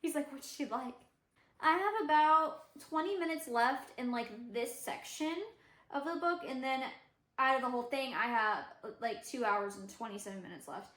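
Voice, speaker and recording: A woman's voice: high-pitched, moderate pace, a bit bright. A young woman vlogger chatting casually about a book she is listening to, rambling with lots of fillers and self-corrections. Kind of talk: casual reading vlog chat. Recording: background music under the voice.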